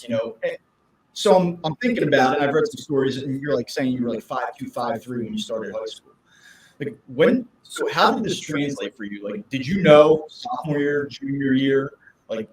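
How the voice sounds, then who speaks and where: A man's voice: medium pitch, normal speed, far from the mic, a little hiss or hum. Rambling male podcast host, roomy and off-mic. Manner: rambling questions, constant "like". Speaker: podcast co-host, former high school coach. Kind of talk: casual podcast interview.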